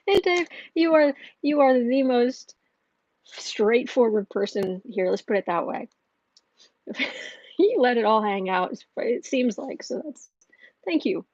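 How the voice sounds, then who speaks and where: A woman hosting a casual livestream and reading viewer comments aloud, chatty and quick to laugh. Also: a little high, a little mellow, no echo, muffled recording. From northern United States. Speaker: tarot reader and channel host.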